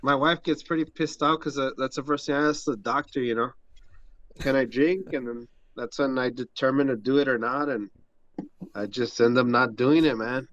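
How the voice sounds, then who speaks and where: A man's voice: medium pitch, fairly even intonation, normal speed, a bit bright, dry recording. Laid-back cursing man, dry muffled mic. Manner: laid-back, profane banter. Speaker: podcast co-host. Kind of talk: casual chat.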